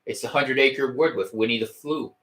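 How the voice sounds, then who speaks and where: Again streaming his podcast from home, the host rambles along with dark, wry jokes and keeps restarting. Here his voice sounds mid-range and slightly bright, at a normal speed.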